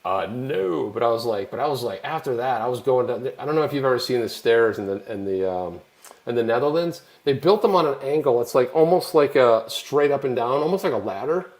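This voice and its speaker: An American man hosting a live online show, telling rambling, animated travel anecdotes in casual chat. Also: medium pitch, fairly quick. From United States. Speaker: show host.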